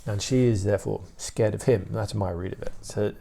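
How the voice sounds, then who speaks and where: Gravelly deep-toned British man. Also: fairly quick. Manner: steady, opinionated, many fillers and restarts. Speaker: dog trainer. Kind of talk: casual explanatory talk.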